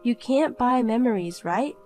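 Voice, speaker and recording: A woman voicing a calm young woman in an animated story who answers back coolly and pointedly. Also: fairly high pitch, unhurried, soft background music. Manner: cool, pointed replies.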